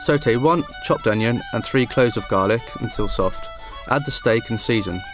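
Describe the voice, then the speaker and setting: A man from Cornwall talks through a pie recipe as a guest chef on television. He explains each step in a plain, steady way. Music plays clearly behind his voice. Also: mid-range voice, normal speed.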